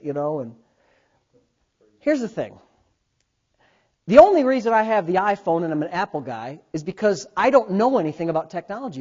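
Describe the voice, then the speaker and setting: A man preaching a sermon as pastor, swinging between loud bursts and quiet asides. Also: sits high. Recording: dull lo-fi sound.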